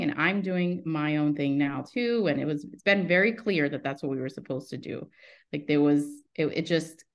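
Woman, thirties, low voice, casual podcast guest, rambling story, breaks off mid-sentence. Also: dull audio. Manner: rambling, self-interrupting storytelling; acts out quoted dialogue in her stories. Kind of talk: casual interview chat.

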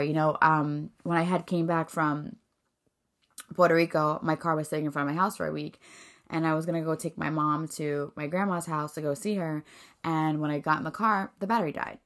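A woman's voice: sits low, steady tone, brisk. A woman hosting a podcast, reflecting in a casual, faith-based way with many fillers and restarts. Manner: rambling, filler-heavy, earnest. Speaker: podcast host.

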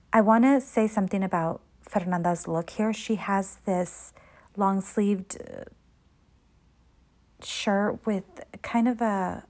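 A woman talks through a soap episode in an easy, conversational recap. She wanders through fillers and drops blunt, joking asides. Her voice sits at an ordinary middle pitch for a woman. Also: a little mellow. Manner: chatty and conversational, with loose fillers and frank jokes. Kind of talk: casual recap commentary.

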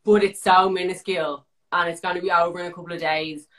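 A young woman with an Irish accent, a guest telling a story in casual chat, animated, swearing freely and full of "like" fillers. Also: lowish voice, fast.

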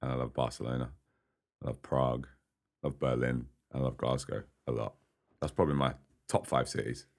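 A man's voice: rumbling low, steady tone, a little fast, vocal fry, darkish tone. A man, a podcast guest chatting casually in a studio, rambling and laughing often. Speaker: podcast guest, singer-songwriter. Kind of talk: casual interview chat.

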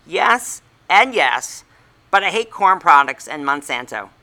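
A man's voice: fairly high pitch, very animated, a little slow, sharp tone, full character voice. A man voicing a snobbish teenage boy prodigy who is haughty and slyly evasive. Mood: smug.

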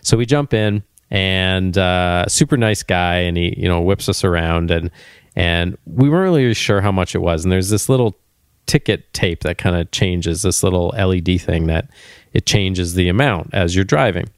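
Low, smooth-voiced male podcast host. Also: normal speed, no echo, studio quality. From Canada. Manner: rambling, animated anecdote-telling with frequent restarts. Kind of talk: casual travel storytelling.

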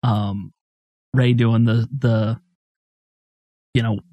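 A man co-hosting a podcast, chatting casually with a relaxed, teasing manner. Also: medium pitch, very slow, dry recording, lo-fi sound. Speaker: podcast co-host. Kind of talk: casual chat.

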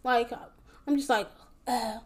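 Young woman, high voice, solo podcast host, rambling, profane, emphatic. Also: steady tone, takes it slowly. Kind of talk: casual solo podcast monologue.

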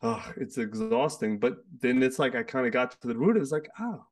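A man's voice: medium pitch, a little fast, recorded from a distance. A man hosting a casual, heartfelt conversation, rambling with lots of restarts and fillers. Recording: sits away from the mic.

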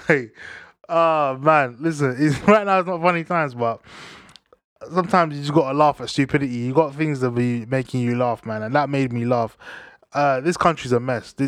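A man's voice: mid-range voice, no echo. Ranting young man, dry sound. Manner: heated, swearing, slang-heavy, frequent restarts. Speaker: vlogger. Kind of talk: ranting monologue to camera.

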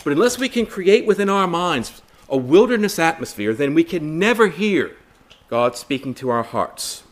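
Male Bible study preacher, earnest and rhetorical, with a lively voice that rises and sinks a lot. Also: on the high side, moderate pace. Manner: earnest, rhetorical questions, repeats phrases for emphasis; addresses listeners as brothers and sisters.

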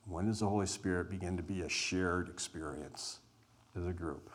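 A man leading a group through a spoken exercise, talking deliberately and emphatically, with weighted pauses. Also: low-pitched. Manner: says he is an introvert. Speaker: group workshop leader.

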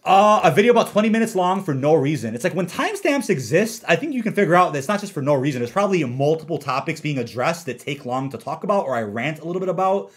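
A man's voice: on the high side, big pitch swings, fast, few pauses, slightly rough. Laid-back young man chatting on stream. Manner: laid-back, ranting, laughs often. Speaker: gaming YouTuber reading viewer comments. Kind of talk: casual livestream chat.

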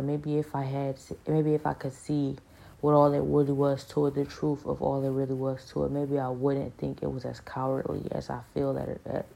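A woman giving an earnest personal testimony in a halting, casual way, full of restarts and fillers. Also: a bass voice, gravelly, mellow. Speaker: speaker sharing a spiritual experience.

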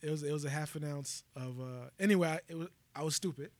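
Fast-talking rambling podcast guest man. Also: fairly high pitch, darkish tone, no room sound. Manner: rambling, halting, self-mocking. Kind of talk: casual podcast chat. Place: small recording studio.

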